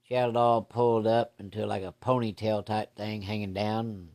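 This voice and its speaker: A man's voice: lowish voice, level tone, moderate pace, darkish tone. A man telling a personal story from his childhood in a rambling, folksy, plain-spoken way.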